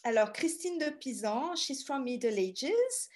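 A woman's voice: sits high, very animated, a little slow, a little mellow. French-accented woman talking over a video call. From France. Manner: chatty, digressive, with hesitant fillers. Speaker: guest speaker, author and tour guide.

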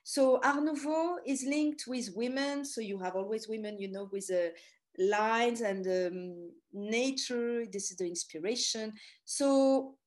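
Give me a middle-aged woman with a French accent telling stories in a chatty talk, with a fairly high voice. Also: unhurried. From France. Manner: chatty, storytelling with asides and fillers. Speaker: speaker and tour guide. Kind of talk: anecdotal public talk.

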